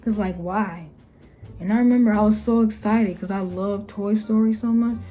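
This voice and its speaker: A young woman talking casually to camera, blunt and exasperated, with slangy phrasing and mocking quotes in a higher voice. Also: fairly even intonation, moderate pace, warm tone, faint music behind. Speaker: YouTuber. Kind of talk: casual opinion vlog.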